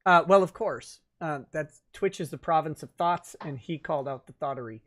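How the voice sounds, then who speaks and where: A man's voice: on the high side, normal speed, a bit bright. A man hosting a casual livestream chat, reading out viewer comments and laughing often. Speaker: livestream host.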